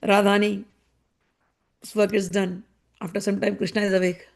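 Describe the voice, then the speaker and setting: Gravelly-voiced woman telling devotional stories. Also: medium pitch, normal speed. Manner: animated, conversational, frequent asides. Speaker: spiritual storyteller. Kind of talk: devotional storytelling.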